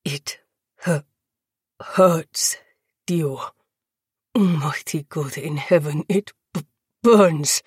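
Woman playing a suffering young male vampire: low, breathy, halting, audiobook. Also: a little mellow, dry recording, studio quality, heavily acted. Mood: pained. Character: young man, chained vampire in pain, stammering.

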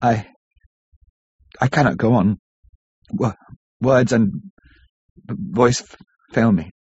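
A man playing a grief-stricken husband whose pleas falter and break, pitched low and husky. The lo-fi audiobook recording is dull. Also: slow, a little mellow, dry recording. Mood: grieving. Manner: pleading, faltering, stammering. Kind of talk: audiobook character reading.

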